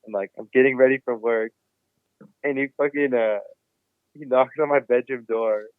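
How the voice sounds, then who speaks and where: A man's voice: medium pitch, moderate pace, clean tone, no echo. Swearing young man on a thin line. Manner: profane, animated storyteller. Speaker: podcast guest. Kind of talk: casual storytelling. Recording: dry, phone-like remote line.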